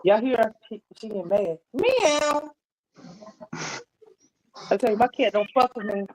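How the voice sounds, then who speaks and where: A woman from North Carolina, a guest on a live panel, chats casually in a medium-pitched, dark-toned voice at a quick pace. She rambles, restarts repeatedly, and laughs often. The recording is rough.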